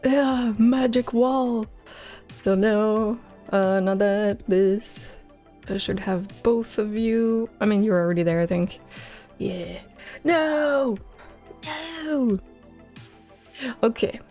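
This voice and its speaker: A woman's voice: medium pitch, fairly even intonation, slow, warm tone, faint music behind. A woman livestreaming her game coding, chatting in a scattered, self-mocking way and sounding tired, close on a headset mic. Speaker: game dev streamer. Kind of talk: casual livestream chat.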